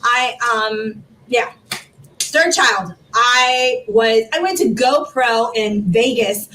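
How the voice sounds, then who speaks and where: A woman in her forties, a foundation founder telling her story in an interview, animated and rambling, with many fillers. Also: fairly high pitch, takes it slowly. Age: 40s. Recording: distant mic with faint background noise.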